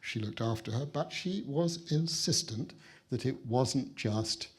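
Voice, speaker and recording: British male speaker with a husky voice, middle pitch, dry anecdotal delivery at an exhibition opening. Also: measured pace. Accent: British English. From Britain. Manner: wry, storytelling with dry understatement. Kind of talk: anecdotal speech to an audience. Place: museum building, speaking to an audience.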